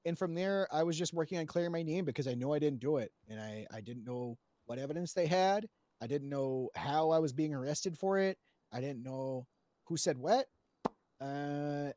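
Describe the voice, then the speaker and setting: A man's voice: a little high, darkish tone, no room sound. A man recounting a roleplay story to a panel, rambling with lots of fillers and restarts and swearing freely.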